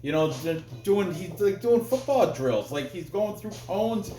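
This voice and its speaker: A man hosting a casual MMA picks show, talking in a rambling, animated way with lots of restarts and asides. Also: high voice, a little slow, echoey room, faint music behind.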